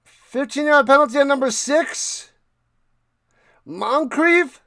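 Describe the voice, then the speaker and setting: A man hosting a live stream, mixing casual play-by-play of a football game with chat to viewers, getting loud on big plays and now and then coughing and clearing his throat. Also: very high-pitched, slow, no echo, clean studio sound.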